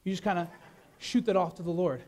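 A man pastor preaching a sermon, animated, with many rhetorical questions and repeated words. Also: high-pitched, a little fast.

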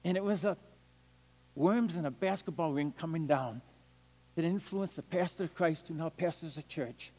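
An older man, a missionary evangelist, telling stories in a sermon. He swings animatedly between loud bursts and hushed, quiet stretches. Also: a little high, moderate pace. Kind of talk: storytelling sermon. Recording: long hall reverb.

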